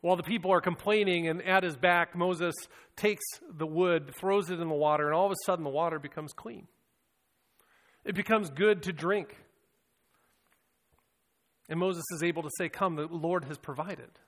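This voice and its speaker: A man's voice: high voice, moderate pace, pauses often, fairly bright tone, in a large hall. A man preaching a sermon in an earnest, reflective way, often restarting and repeating words as he speaks.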